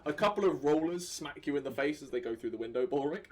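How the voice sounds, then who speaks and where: A man with a Welsh accent, narrating and running a tabletop game as dungeon master in a relaxed, rambling way full of fillers. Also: a little high, fast talker.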